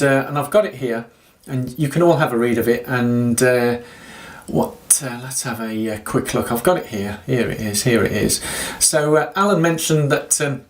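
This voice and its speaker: A man talks straight to his viewers in a casual video diary about running. He rambles, restarts his sentences and leans on fillers as he goes. His voice sits at an ordinary middle pitch. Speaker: running vlogger.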